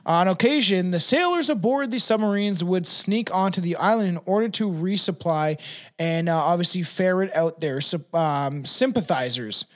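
Rambling young male podcast host, high voice. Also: normal speed, fairly bright tone. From Canada. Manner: rambling, laughs often, many fillers. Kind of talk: casual crude chat.

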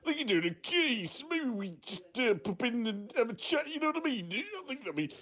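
A woman's voice: fairly high pitch, big pitch swings, fairly quick, fairly bright tone. A woman imitating a rambling, hesitant male television executive full of fillers. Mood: fumbling. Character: hesitant male TV production head.

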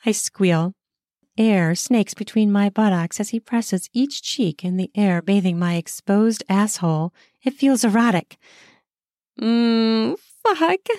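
Close-miked and completely dry with no room sound, a woman narrates a first-person audio story at a medium pitch. Her tone is mellow and on the darker side, and her delivery is quick and intimate.

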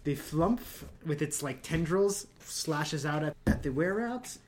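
A man's voice: on the high side, expressive, heavy background noise. Casual man running a tabletop game. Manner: casual, quick asides and rule checks. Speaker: dungeon master.

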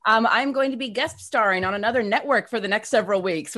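An American woman, a player in a tabletop game, chatting casually and excitedly with frequent laughs and restarts. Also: on the high side, fairly quick, few pauses. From United States.

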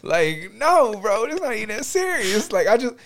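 A man's voice: sits high, very animated, normal speed, a bit bright. A young adult man hosting a casual podcast chat, telling profane stories and acting out quotes with lots of laughter. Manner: profane, laughing storyteller who acts out quotes. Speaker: podcast host.

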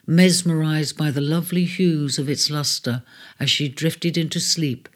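A storyteller in a gentle, measured reading of a storybook. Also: medium pitch. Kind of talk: storybook narration. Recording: faint music bed under the voice.

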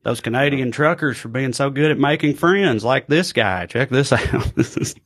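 A man's voice: mid-range voice, lively intonation, moderate pace, fairly bright tone. A man co-hosting a podcast, joking casually with hesitant fillers. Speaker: podcast co-host.

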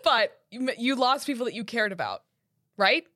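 A woman's voice: on the high side, animated, normal speed, bright, forceful tone, no echo, clean studio sound. A woman playing a tabletop game, speaking carefully and hedging her words. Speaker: player.

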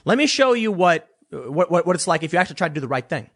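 Lively high-voiced sarcastic male commentator. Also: quick pace, breathy edge. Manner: sarcastic, dismissive, blunt. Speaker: political commentator. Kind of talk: casual opinion rant.

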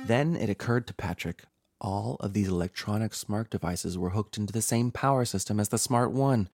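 Low-voiced man narrating a horror tale. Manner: theatrical, relishing dark comic details. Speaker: horror podcast host and narrator. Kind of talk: scripted horror-comedy narration. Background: background music.

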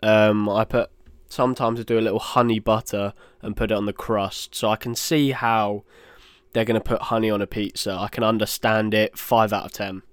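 A man's voice: fairly low pitch, flat delivery, moderate pace, smooth, no echo, studio quality. A man hosting a casual solo commentary, reacting with blunt, exasperated remarks. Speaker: host.

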